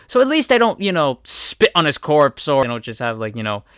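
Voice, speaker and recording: A man's voice: fairly high pitch, big pitch swings, brisk, a bit bright, clear, resonant tone, no room sound, clean studio sound. Heated, emphatic man ranting on video. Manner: heated, emphatic, repeats words for stress. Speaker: video commentator.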